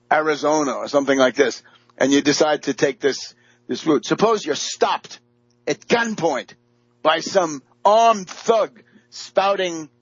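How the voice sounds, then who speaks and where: A man's voice: a little high, breathy edge, no echo. A man giving a rambling political monologue, full of fillers and restarts. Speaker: political commentator. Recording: dull lo-fi dry audio.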